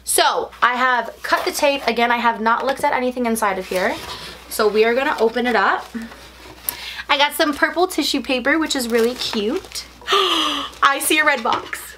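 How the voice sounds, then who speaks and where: A woman talking casually in an unboxing vlog from her bedroom, gushing, excitable and rambling. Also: a little high, normal speed, a little hiss or hum. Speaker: unboxing vlogger.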